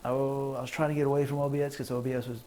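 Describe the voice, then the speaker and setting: Speaking very fast in a flat, slightly mellow voice, a man streams casual stand-up from home, rambling jokes at the camera. He cracks himself up at his own punchlines and adopts squeaky voices when playing callers. Audio quality is poor.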